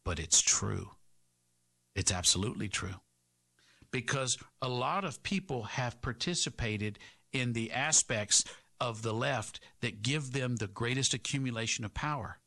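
A man's voice: medium pitch, lively intonation, unhurried, vocal fry, bright, forceful tone. A man hosting a talk radio show, delivering an impassioned, sarcastic monologue full of rhetorical questions.

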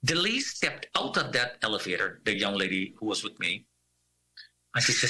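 A man's voice: on the low side, sing-song, normal speed, sharp tone, poor audio. A man recounting a personal story in vivid detail, acting out the voices of the people in it. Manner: vivid, acts out quoted voices. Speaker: interviewee recounting survival.

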